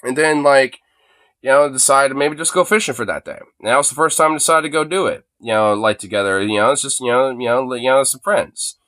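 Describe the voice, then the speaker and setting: A man's voice: mid-range voice, brisk, fairly bright tone. A man ranting casually on a live stream into a phone, rambling with lots of fillers and swearing.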